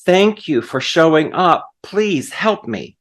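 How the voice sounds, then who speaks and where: A man's voice: medium pitch, expressive, takes it slowly, a bit bright. A man voicing a frightened man clinging to a branch over a cliff, pleading and calling out for help. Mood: desperate pleading.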